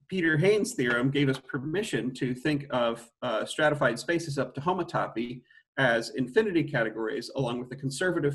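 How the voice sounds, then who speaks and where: A man's voice: medium pitch, fairly bright tone. A middle-aged man giving an academic mathematics lecture, thinking aloud with frequent restarts and self-corrections.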